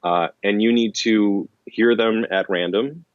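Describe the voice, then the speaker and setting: A man's voice: on the low side, fairly even intonation, unhurried, no room sound, dull audio. A man as an interview guest, explaining in casual rambling talk full of restarts and fillers. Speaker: interview guest, language-learning author.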